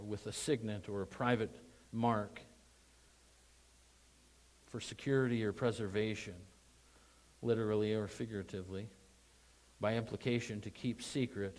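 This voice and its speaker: A man preaching a Sunday sermon in a conversational way, asking the congregation questions and rising to loud bursts of emphasis. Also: lowish voice, rough recording. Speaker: pastor.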